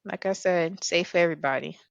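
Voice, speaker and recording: A woman hosting a podcast in casual chat, playful and bubbly, with sudden high-pitched emphasis. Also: a little fast, creaky, no echo, muffled recording. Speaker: podcast host.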